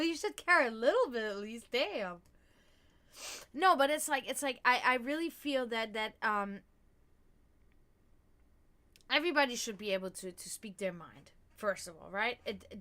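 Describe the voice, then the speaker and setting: A woman's voice: a little high, fairly bright tone. A woman hosting a casual livestream, talking candidly and rambling with lots of fillers and swearing. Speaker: livestream host.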